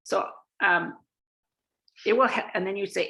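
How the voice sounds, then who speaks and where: A woman's voice: mid-range voice, measured pace, gravelly, pushed and bright. A woman from Canada giving a casual sales training talk, chatty, with many fillers and restarts.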